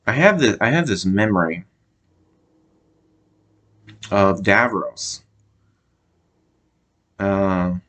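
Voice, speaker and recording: A low-voiced American man talks through a show review in a relaxed, unscripted way. He often stalls, repeats himself and hunts for the right word before going on. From United States. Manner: halting, often stops to search for words. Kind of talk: casual review monologue.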